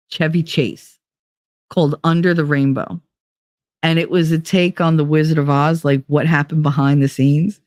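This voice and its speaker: A woman's voice: deep voice, a little mellow, no room sound, clean studio sound. A woman hosting a podcast in a rambling, chatty way, laughing often and swearing casually. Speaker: podcast host. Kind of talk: casual chat.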